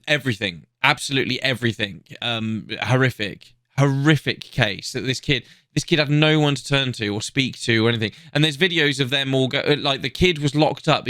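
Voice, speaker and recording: A man's voice: medium pitch, clean tone, no room sound, clean studio sound. A young man chatting casually on a podcast, telling stories with lots of swearing. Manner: sweary, animated storytelling. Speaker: podcast co-host. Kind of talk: casual chat.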